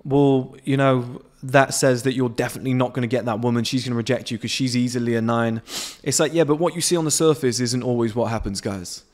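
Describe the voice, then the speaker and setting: A man's voice: mid-range voice, fairly even intonation, a little fast, few pauses. Blunt, profane man in his twenties. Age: 20s. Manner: blunt, profane, swearing freely. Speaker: men's self-improvement vlogger. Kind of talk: unscripted motivational rant to camera. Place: outdoors on a home patio.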